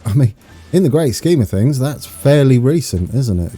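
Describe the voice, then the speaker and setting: A British man giving excitable, chatty live gameplay commentary, talking to his viewers as he plays. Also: medium pitch, normal speed, slightly rough, faint music behind. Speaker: game streamer.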